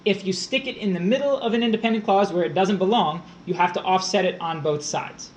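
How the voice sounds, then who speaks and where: A high-pitched male voice teaching a live-streamed grammar lesson. He walks through punctuation rules one step at a time and breaks off to answer viewers in chat. A faint hiss sits under his voice. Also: fairly quick. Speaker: test prep tutor.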